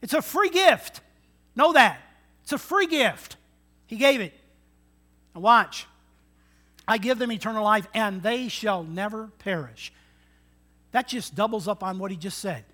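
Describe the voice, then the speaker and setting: A man in his sixties, a pastor preaching a sermon, swinging between loud emphatic lines and quiet asides. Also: sits high, animated, measured pace, long pauses. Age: 60s.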